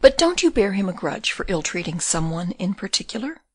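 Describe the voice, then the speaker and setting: A woman reading the part of a young prince, calm and commanding, asking probing questions in an audiobook. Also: mid-range voice, brisk, slightly rough, dry recording.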